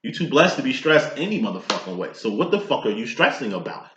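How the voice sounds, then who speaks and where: A man talks through a tarot reading in a bright, forceful voice, swearing freely and preaching at his listeners. The sound is roomy and a little muffled. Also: mid-range voice, fast talker, slight background noise. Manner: profane, streetwise, preachy and animated. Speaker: tarot reader. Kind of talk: casual spoken tarot reading.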